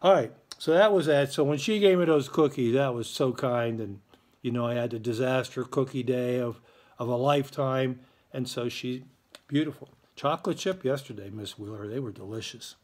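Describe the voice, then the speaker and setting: A man's voice: mid-range voice, moderate pace. A man hosting a school morning show, giving casual announcements in a chatty, joking way. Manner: chatty, playful, joking with listeners.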